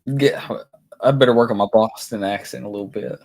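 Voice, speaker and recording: Thirtyish guy, low voice, laid back, chatting sports with a buddy. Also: a little fast, vocal fry, a little mellow. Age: 30s. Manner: easygoing, laughs often, tells little stories. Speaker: podcast co-host. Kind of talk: casual sports chat.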